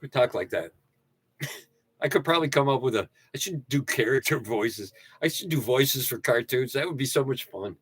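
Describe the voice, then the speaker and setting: An older man hosting a casual livestream, ranting and joking with sudden loud outbursts. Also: medium pitch, expressive, normal speed, husky. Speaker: livestream host. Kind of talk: casual livestream rant and sign-off.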